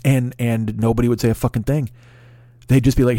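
A man's voice: medium pitch, fairly quick, no room sound. Profane ranting male comedian, dry close mic. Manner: loud, profane, ranting with laughs and restarts. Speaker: podcast host.

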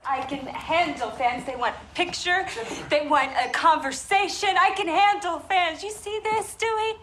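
A woman's voice: extremely high pitch, moderate pace, fairly bright tone. An actress playing a frazzled woman fed up with fans, indignant film dialogue over faint music. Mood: exasperated. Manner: exasperated, indignant.

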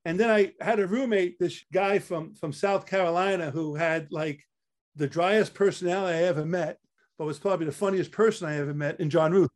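A man's voice: sits high, brisk. Chatty older New York man. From Staten Island, New York. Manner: chatty, repeats words while telling stories. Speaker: interview guest, athletic trainer. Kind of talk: casual storytelling interview.

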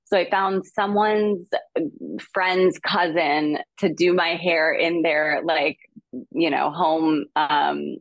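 A woman's voice: fairly even intonation, slow, no room sound. A woman guest on an interview show, telling a story casually with lots of fillers and laughter, and acting out the people she quotes. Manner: chatty, filler-heavy, laughs often, acts out quoted voices in a higher pitch. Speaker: guest actress.

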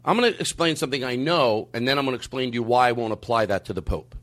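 A man hosting a comedy podcast, ranting emphatically and with profanity, swinging from calm explaining to shouting. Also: medium pitch, rapid-fire. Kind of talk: comedic rant.

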